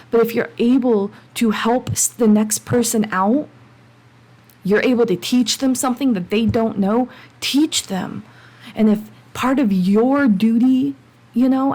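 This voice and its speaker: Woman podcaster with a gravelly edge, fired up and blunt, talks straight into the mic at home late at night. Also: on the high side. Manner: passionate, emphatic, gets heated then calms down. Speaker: podcast host. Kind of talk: solo podcast monologue.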